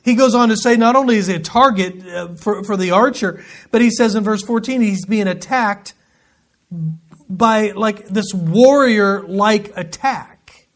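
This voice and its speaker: Man, high-pitched, folksy Bible teacher; casual verse-by-verse study with joking asides. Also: a little slow. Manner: folksy, joking asides between scripture readings.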